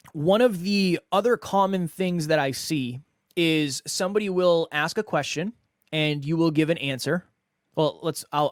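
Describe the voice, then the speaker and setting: A man's voice: on the high side, dry recording, studio quality. A man hosting a solo podcast, coaching listeners in an emphatic way that repeats key phrases and acts out example lines. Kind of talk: solo instructional podcast talk.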